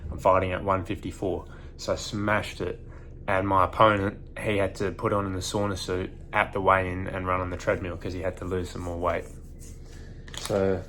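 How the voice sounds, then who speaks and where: A man in his twenties with an Australian accent, talking casually to camera in a relaxed, rambling way with lots of ums. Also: sits low, a little hiss or hum. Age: 20s. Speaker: vlogger and first-time fighter. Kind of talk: casual vlog monologue.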